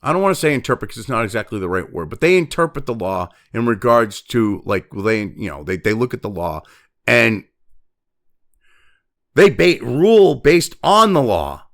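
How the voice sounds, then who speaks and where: Man, angry news rant, profane, exasperated, swooping voice, gravelly edge. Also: medium pitch, sing-song. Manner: profane, exasperated ranting with heavy sighs; reads news text quickly, then breaks off to vent. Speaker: news commentary host. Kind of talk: ranting news commentary.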